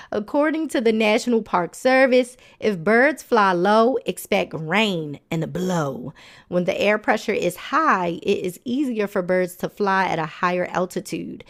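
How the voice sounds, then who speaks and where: A woman's voice: medium pitch, expressive, measured pace. A woman hosting a nature podcast in casual narration, chatty and playful, with frequent laughs and sassy, colloquial asides. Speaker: podcast host.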